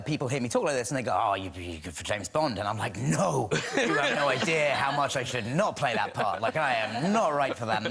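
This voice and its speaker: A man's voice: medium pitch, fairly bright tone. A man guest on a talk show, chatting in a self-deprecating, friendly way. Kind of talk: chat show conversation. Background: studio audience.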